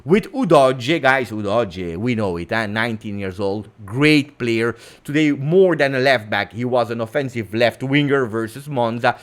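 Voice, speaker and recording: Animated Italian-accented man. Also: medium pitch, moderate pace, hardly any pauses. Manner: animated, emphatic, sudden swings in loudness; peppers English with Italian exclamations. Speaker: football channel host. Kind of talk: football recap vlog.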